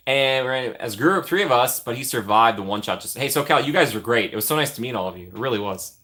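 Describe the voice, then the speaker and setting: A man's voice: mid-range voice, animated, normal speed, pauses often, sharp tone. A man hosting a casual live stream, joking around and thanking his chat. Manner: jokey, thanks chat often, trails off into asides.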